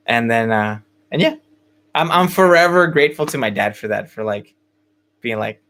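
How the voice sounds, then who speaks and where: A man's voice: medium pitch, animated, normal speed, a bit bright. A young man hosting a podcast, telling a story in casual chat with many fillers and restarts. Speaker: podcast host.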